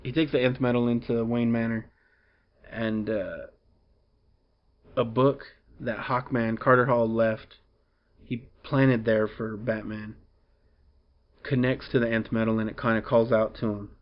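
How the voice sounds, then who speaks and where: A man's voice: mid-range voice, flat delivery, unhurried, pauses often, muffled recording. A man casually recapping a comic book story, rambling along with lots of fillers and restarts.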